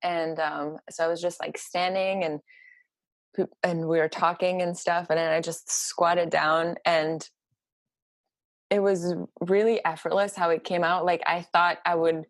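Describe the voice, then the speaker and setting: Casting note: woman with a lowish voice, casual and halting storytelling, close and dry. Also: no echo. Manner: animated, halting, many fillers. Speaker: podcast guest.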